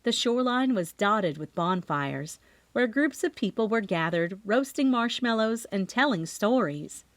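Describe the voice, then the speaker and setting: A woman's voice: medium pitch, measured pace, no echo. A woman narrating a cozy mystery audiobook in the first person, as a scripted reading. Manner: expressive first-person storytelling.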